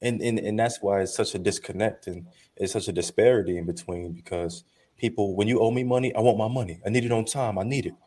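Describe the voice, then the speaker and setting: Speaking fast in a low, warm, slightly rough voice, this male co-host tells earnest stories in casual conversation, acting out the dialogue he quotes.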